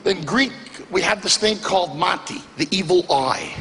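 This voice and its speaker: High, gravelly stand-up comedian. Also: male voice, moderate pace, big-room sound, slight background noise. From Canada. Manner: animated, excitable storytelling. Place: comedy club stage, live show.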